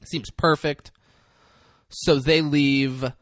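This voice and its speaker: A man's voice: fairly high pitch, fairly even intonation, extremely slow, no echo, clean studio sound. A man co-hosting a podcast in casual chat, rambling and swearing as he recaps a film scene by scene. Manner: rambling, profane, retells scenes with quoted lines. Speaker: podcast co-host.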